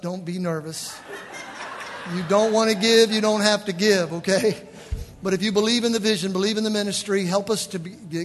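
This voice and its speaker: A high-voiced male pastor leads a church service in the sanctuary, joking with the congregation during the offering appeal and closing with an altar call. He moves into a praise chant, chanting and shouting along with the congregation. The hall recording picks up music and the crowd in the background.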